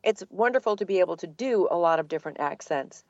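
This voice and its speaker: An older woman, a voice actor from the Boston area with a neutral standard accent, telling her story in a relaxed, articulate interview. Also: lowish voice, quick pace, no echo, lo-fi sound. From Boston area, USA. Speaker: guest, voice actor. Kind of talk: casual interview answers.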